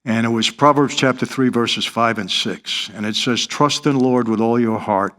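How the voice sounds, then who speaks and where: A man's voice: medium pitch, normal speed, a bit bright. A middle-aged man, telling his life story in earnest, confessional style as an interview guest. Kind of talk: interview testimony.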